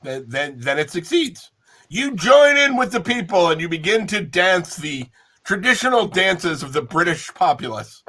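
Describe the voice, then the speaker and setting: A man running a tabletop game as game master, playful, with quick asides. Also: high-pitched, sing-song, a bit bright.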